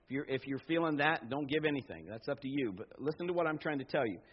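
A middle-aged man pastor preaching a sermon, telling personal stories with animated asides and quoted voices. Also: medium pitch, quick pace, a little hiss or hum. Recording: dull lo-fi sound.

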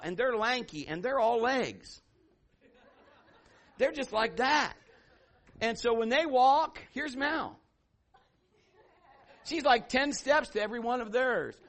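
A middle-aged man preaching a sermon, telling a story with animated swings from hushed asides to loud exclamations. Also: high-pitched. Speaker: pastor.

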